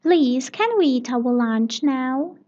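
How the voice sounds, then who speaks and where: A woman voicing an excited little girl piglet, high and eager, on a dull lo-fi recording. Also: slow, exaggerated voice.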